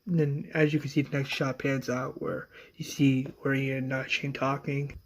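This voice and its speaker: A man casually recapping a story in a halting way, often repeating words. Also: mid-range voice, little pitch movement. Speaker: episode recapper.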